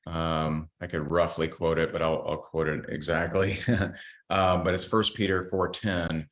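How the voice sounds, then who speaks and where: A man's voice: deep voice, little pitch movement, a little slow, a bit bright. A man guest on a podcast, candidly telling a faith story in an earnest, blunt way. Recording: roomy echo.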